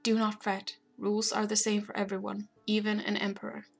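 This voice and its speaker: A composed alien emperor, as a woman narrator puts him on, formal and measured, never using contractions. Quiet and low-key, with a flat, steady melody. Storybook reading. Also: vocal fry, natural voice. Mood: gentle. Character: alien male emperor, calm, commanding, indulgent.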